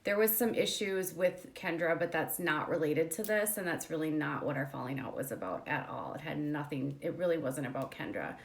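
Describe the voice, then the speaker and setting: A woman with a notably low voice tells a long story as the host of a commentary channel. She chats loosely with plenty of fillers and slips into the voices of the people she quotes. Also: fairly quick, creaky, few pauses. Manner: chatty, many fillers, acts out quoted dialogue. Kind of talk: casual storytelling monologue.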